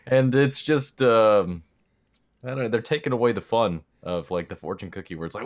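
Male podcast co-host, lowish voice, dry teasing quips. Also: normal speed. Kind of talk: casual podcast chat.

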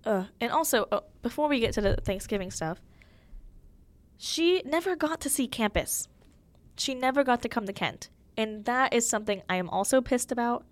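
A woman's voice: on the high side, expressive, moderate pace, no room sound. Chatty young woman, dry close sound. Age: young adult. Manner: candid, chatty and emotional, full of fillers. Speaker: podcast host. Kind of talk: casual chat.

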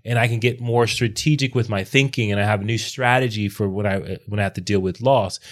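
A man's voice: lowish voice, fairly even intonation, fairly quick. A man co-hosting a podcast, giving advice in casual chat and explaining his ideas with rhetorical questions. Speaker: podcast co-host.

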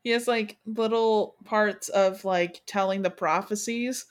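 A woman's voice: medium pitch, steady tone, measured pace. Young woman hosting a book podcast, blunt and wry, casual chatty delivery. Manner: blunt, wry, reads passages aloud. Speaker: podcast host.

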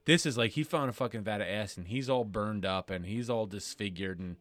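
A man's voice: on the low side, quick pace, fairly bright tone, no echo. Blunt, profane man hosting a podcast. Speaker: podcast co-host. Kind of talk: casual chat, reading news.

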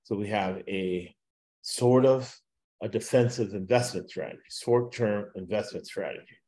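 A man hosting a sports betting podcast, talking casually and loosely, with lots of "uh" fillers and quick laughs. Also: fairly low pitch, mellow. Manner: rambling, frequent "uh" fillers, laughs at own jokes. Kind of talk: casual chat with picks.

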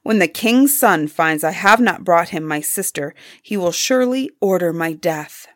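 A woman's voice: lowish voice, lively intonation, normal speed, fairly bright tone, no room sound, clean studio sound. A woman voicing a frightened young man who speaks fearfully.

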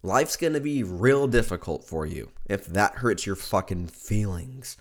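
A hoarse man hosting a podcast, talking in a casual, profane, joking rant and laughing at his own lines. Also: fairly low pitch, lively intonation, unhurried. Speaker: podcast host.

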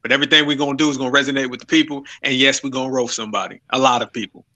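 A man appearing as a guest on a podcast, hyped and energetic in casual banter. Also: mid-range voice, racing. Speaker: guest YouTuber.

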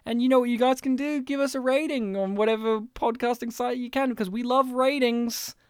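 A man's voice: very high voice, fairly even intonation, fairly quick, smooth, no echo, studio quality. A man hosting a casual podcast, joking around and laughing often while signing off to listeners. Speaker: podcast host.

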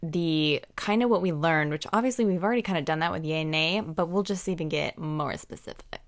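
Speaking fairly quickly in a low voice, a young podcast co-host rambles through casual chat. She uses lots of fillers and laughs often.

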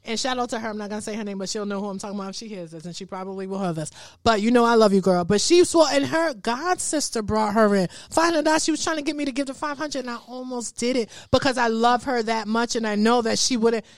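A woman's voice: a little high, dry recording, studio quality. A young woman co-hosting a podcast, telling a story with emphatic asides. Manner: emphatic, fast-talking storyteller. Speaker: podcast co-host. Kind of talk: casual chat.

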